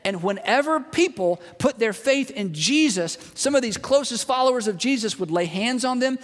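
A man preaching a sermon to a large congregation, telling stories in a relaxed, conversational way and retelling a friend's words. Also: extremely high pitch, moderate pace. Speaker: pastor. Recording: long reverb of a large hall.

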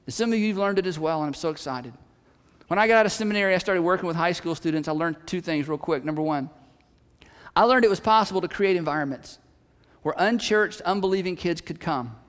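Animated high-voiced man preaching in a hall. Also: a little fast. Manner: animated, conversational, self-deprecating humor. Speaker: pastor. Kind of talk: sermon.

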